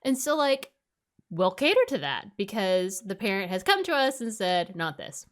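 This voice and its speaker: A woman's voice: mid-range voice, very animated, moderate pace. Emphatic ranting woman podcast co-host. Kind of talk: casual chat.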